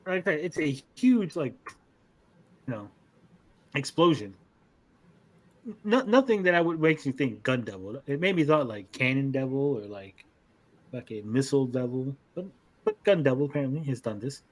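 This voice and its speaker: A man's voice: medium pitch, expressive, moderate pace, long pauses. A man co-hosting an anime podcast, casually recapping episodes in a rambling, profane way and acting out characters' lines.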